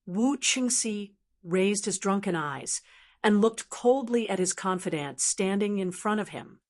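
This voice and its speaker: A woman reads a long fantasy novel aloud at a middle pitch. Her narration is steady and measured, built for chapter-length listening. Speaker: audiobook narrator. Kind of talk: scripted narration.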